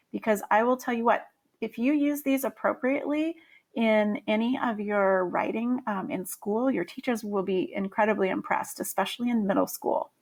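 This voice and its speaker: Woman, grammar teacher, friendly, explanatory, lots of fillers, slightly high pitch. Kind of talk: grammar lesson.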